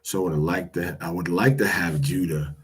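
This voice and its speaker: A man's voice: low voice, steady tone, normal speed, husky. A man teaching a language lesson, patiently repeating each pronunciation several times.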